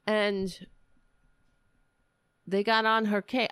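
Woman ranting on her podcast, slow and sarcastic, swears a lot, dry sound. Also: mid-range voice, lively intonation, no echo. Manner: sarcastic, profane ranting with mocking voices. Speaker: podcast host. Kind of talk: angry political commentary.

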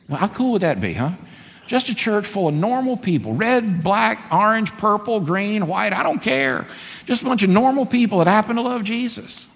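Male pastor preaching in a reverberant hall. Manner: conversational preaching, animated swings in pitch. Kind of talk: sermon. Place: church sanctuary. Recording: long hall reverb, faint background noise.

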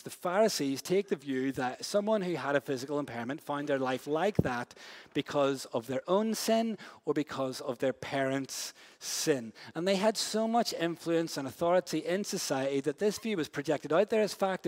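A man preaching a sermon in a casual, slangy way, swinging between loud, quick bursts and hushed, slow stretches. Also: fairly high pitch. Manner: lively storytelling, big swings from loud and fast to hushed and slow; casual, slangy delivery with many "like" and "yo" asides.

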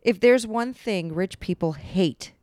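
Woman, podcast co-host, wry, laughs often, mid pitch, dry recording. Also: takes it slowly, a little mellow, dry recording. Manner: wry and laughing, reading aloud. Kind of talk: casual chat.

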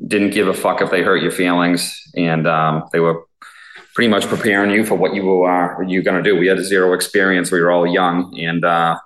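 Low-voiced cop rambling in an echoey room. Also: male voice, level tone, fairly quick, a bit bright. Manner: rambling, many fillers and swearing. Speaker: police officer, SWAT guest. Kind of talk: casual interview storytelling.

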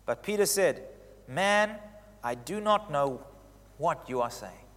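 A man preaching a sermon, retelling a scripture story expressively, with emphatic highs and hushed reflective passages. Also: expressive, slow pace. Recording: long hall reverb.

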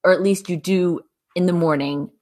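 Low-voiced woman podcast host. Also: steady tone, moderate pace, darkish tone. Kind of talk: interview questions.

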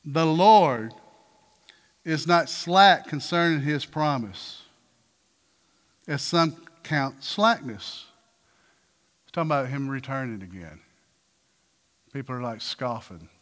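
A man preaching a sermon as pastor, asking the congregation questions and breaking into loud, emphatic bursts. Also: mid-range voice, animated, slow pace, pauses often. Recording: reverberant hall with faint music.

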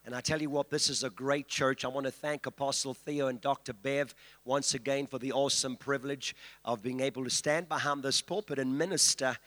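Man, guest preacher, sermon, bright tense voice, reverberant church hall. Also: mid-range voice, steady tone, a little fast, few pauses. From South Africa. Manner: declamatory, calls for congregation response. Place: church sanctuary.

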